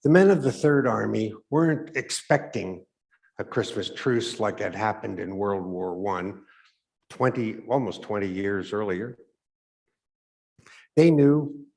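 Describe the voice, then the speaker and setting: A man telling a story aloud in a measured, reflective way, his phrases trailing off softly at the ends. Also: lowish voice. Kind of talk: story read aloud for Advent.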